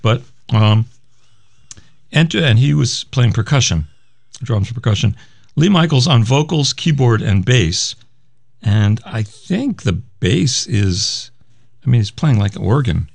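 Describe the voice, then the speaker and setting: Gravelly-voiced man chatting about old records. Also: medium pitch, animated, unhurried, no room sound. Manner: rambling, thinks aloud, reads liner notes. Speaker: radio show co-host. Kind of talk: casual chat about music records.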